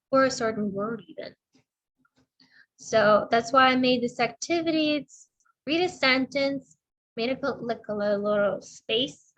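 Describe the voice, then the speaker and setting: A middle-aged woman speech therapist giving a slow, deliberate instructional talk, demonstrating intonation as she explains. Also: on the high side, a bit bright, low-quality recording.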